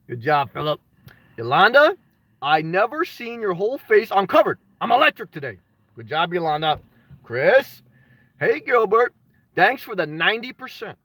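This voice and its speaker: A man chatting casually on a livestream, greeting viewers by name and rambling through anecdotes with sudden animated shouts. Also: high-pitched, no room sound. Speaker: vlogger reading live chat.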